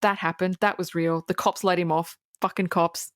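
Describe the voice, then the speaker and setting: Woman podcaster w a lowish voice, chatty and sweary, dry close sound. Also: flat delivery, normal speed, no echo. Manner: chatty, swears freely, blunt asides. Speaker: podcast co-host. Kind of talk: casual true-crime recap.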